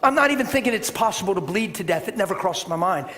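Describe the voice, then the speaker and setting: A middle-aged man preaching a sermon, telling a story with animated swings from shouting to soft, hushed tones. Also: high-pitched, fast talker. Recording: echoey hall with faint ambience.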